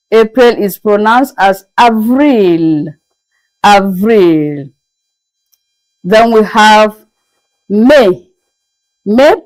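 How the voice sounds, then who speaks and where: A woman teaching French month names in a patient lesson, repeating each word slowly. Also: medium pitch, dry recording, rough recording. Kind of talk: slow spoken language lesson.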